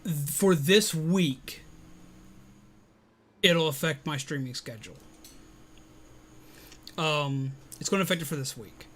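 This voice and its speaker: A man casually chatting on a live stream, answering viewers, rambling with fillers and quick to laugh. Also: fairly high pitch. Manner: rambling, many fillers, laughs easily, greets viewers loudly.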